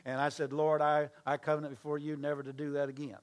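This pastor's sermon story comes out at a quick pace with a completely flat delivery, even as he acts out both parts of the conversation. His voice is pitched a little higher than most men's, and he stops to toss questions and asides to the congregation.

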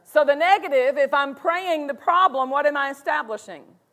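A woman's voice: high voice, moderate pace, fairly bright tone. A woman pastor preaching a sermon, emphatic and repeating key phrases.

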